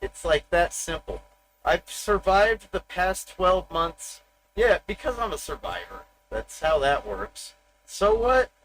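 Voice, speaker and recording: A man's voice: high-pitched, takes it slowly, vocal fry, a bit bright, slight background noise, rough recording. A middle-aged man livestreaming, ranting bluntly and profanely in a rambling, confessional monologue into a desk mic.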